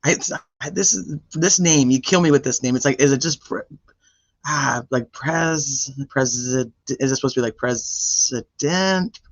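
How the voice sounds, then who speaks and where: A man hosting a true-crime livestream and chatting casually with viewers as he greets them by name. His voice is roughened by a cold. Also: medium pitch, moderate pace, no room sound. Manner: chatty and animated, rattling off greetings. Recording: dry, slightly dull lo-fi sound.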